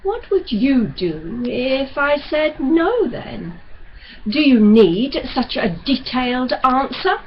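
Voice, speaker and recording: Woman voicing sardonic young man, quiet and defiant, slow delivery, slightly dull audio. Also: sits high, very animated, a little hiss or hum, full character voice. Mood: probing.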